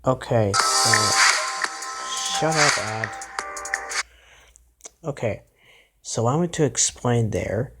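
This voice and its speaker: A man's voice: mid-range voice, animated, drawn-out words, pauses often, pushed and bright, faint music behind. A man vlogging his reactions to a news clip, exclaiming and talking back at it indignantly. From Canada. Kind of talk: casual reaction commentary.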